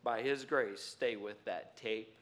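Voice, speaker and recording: A man preaching a sermon, laughing often and building up to loud exclamations. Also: lowish voice, slow pace. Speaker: pastor.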